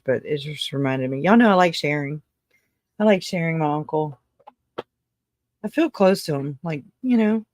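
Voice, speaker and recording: A livestream host talks loosely to viewers and reads out their comments in a rambling, emotional way, often breaking into laughter. The pitch sits at a middling level. The recording is dry and close, with no room echo. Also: unhurried, long pauses. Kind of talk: casual livestream chat, reading out viewer comments.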